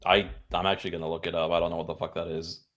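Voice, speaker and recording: A man co-hosting a casual comedy podcast, tossing in short deadpan quips. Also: sits low, rapid-fire. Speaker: podcast co-host.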